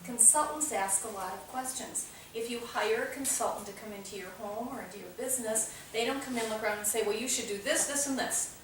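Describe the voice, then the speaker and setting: Woman leading a parenting class, slightly high voice, recorded from across a roomy space. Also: a little fast, hardly any pauses. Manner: warm storyteller, acts out voices in the anecdote. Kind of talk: teaching a small group, storytelling. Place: meeting room with a small group. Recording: roomy, distant, noisy room recording.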